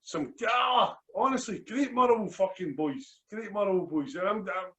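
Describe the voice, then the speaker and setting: A man's voice: high voice, moderate pace, bright, forceful tone. A Scottish man co-hosting a podcast in casual chat, emphatic and repeating his points. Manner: emphatic, repeats himself, says listen. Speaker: podcast co-host.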